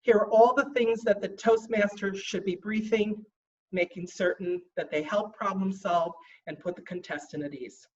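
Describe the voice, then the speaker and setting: Woman trainer, fussy and emphatic, briefing a group; mid-pitched voice, distant muffled audio. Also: fairly even intonation, a little mellow. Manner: emphatic, slows down to stress points; self-described fussy stickler. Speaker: contest trainer.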